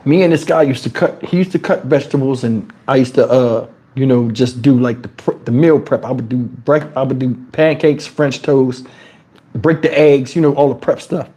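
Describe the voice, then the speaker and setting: A man from New Jersey telling casual stories on his livestream in crude street slang, animated and jumping into high, shouted tones as he retells them. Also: normal speed. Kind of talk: casual storytelling. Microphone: wireless lapel mic.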